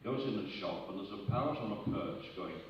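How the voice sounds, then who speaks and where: A man, telling jokes on stage with brisk asides. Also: lowish voice. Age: 80s. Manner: brisk anecdotal delivery with quick asides. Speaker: comedian. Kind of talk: live stand-up joke telling. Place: arts centre auditorium on stage. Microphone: distant audience recording. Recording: distant echoey hall recording, dull and noisy.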